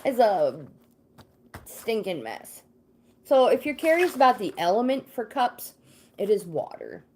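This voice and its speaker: A woman's voice: medium pitch, huge pitch swings, unhurried, a little mellow, breathy edge. A woman hosting a casual livestream, greeting viewers by name and reading tarot cards in a chatty, easily sidetracked way. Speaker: livestream host and tarot card reader.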